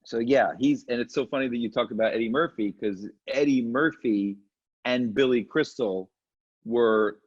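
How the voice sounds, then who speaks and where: A middle-aged comedian telling lively stories in an interview, slipping into quick impressions. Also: male voice, mid-range voice, slightly rough. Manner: animated anecdotes with quick impressions. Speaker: comedian guest. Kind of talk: storytelling interview chat. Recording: muffled lo-fi audio.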